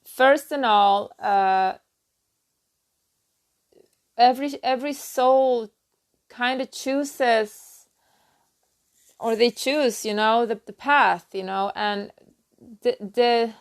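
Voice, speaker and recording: A woman giving a halting, earnest spiritual talk on her own channel, full of restarts and "you know.". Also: a little high. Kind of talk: personal spiritual talk to camera.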